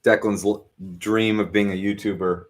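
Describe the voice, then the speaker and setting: Middle-aged male trivia host with a very deep voice, relaxed and joking. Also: normal speed. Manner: joking, prodding questions. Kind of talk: casual livestream hosting.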